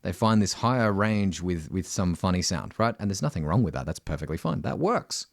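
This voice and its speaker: Aussie voice coach guy, lowish voice that swings way up, dry close sound. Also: sing-song, a little fast, gravelly, no room sound. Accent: Australian. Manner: direct, uses "right?" constantly, breaks into loud high sung examples. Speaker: voice teacher. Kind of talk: singing lesson with sung demonstrations.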